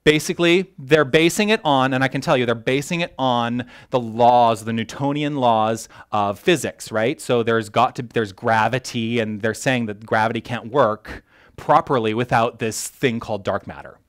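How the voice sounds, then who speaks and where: A man preaching a sermon as a minister, animated and joking with his congregation, tripping over his words when excited. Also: mid-range voice, moderate pace, smooth. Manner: animated, self-interrupting, jokes with the congregation. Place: church hall.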